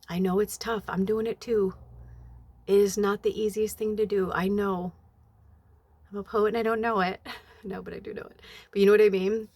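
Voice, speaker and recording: A woman's voice: steady tone, moderate pace, darkish tone, no echo. Chatty woman giving a dry spiritual reading. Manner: rambling, filler-heavy, acts out movie quotes in a high voice. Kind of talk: casual spoken reading.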